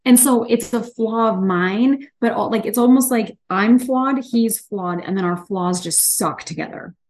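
A woman podcast host talking candidly and chattily in a casual conversation, quick to laugh. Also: medium pitch, a little mellow.

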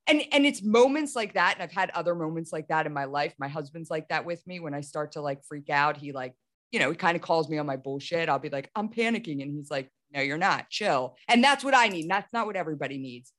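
Woman podcast host, 30s, low-ish voice, chatty storyteller, restarts a lot. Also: a little fast. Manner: animated, restarts often, lots of "like". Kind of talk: casual storytelling conversation.

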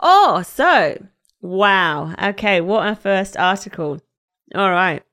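A woman speaking slowly with a lively, varied pitch as she introduces a news story on a relaxed podcast. she leads the chat and asks the others questions. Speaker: podcast host presenting articles. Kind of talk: casual group chat.

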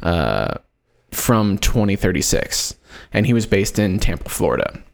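A man with a fairly low voice that swings up and down as he tells the story. He talks casually and laughs easily among friends on a podcast. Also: sing-song, measured pace, vocal fry. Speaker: podcast host telling the story. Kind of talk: casual group chat.

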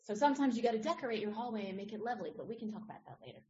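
A middle-aged woman with a somewhat high voice tells a personal story as a podcast guest. She talks casually and animatedly and mimics the people she describes. The audio sounds a little dull and lo-fi. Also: rapid-fire, noisy background. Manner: animated, acts out others' voices in her story.

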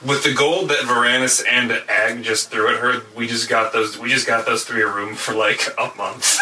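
A man's voice: medium pitch, huge pitch swings, unhurried, noisy background. A man playing a tabletop game with friends, asking questions about the rules and joking around. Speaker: player. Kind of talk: casual tabletop chat. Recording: echoey room from a distance.

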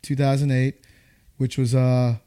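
A man in his thirties from the United States, casually telling a war story, animated and acting out the voices he quotes. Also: mid-range voice, a little slow, smooth.

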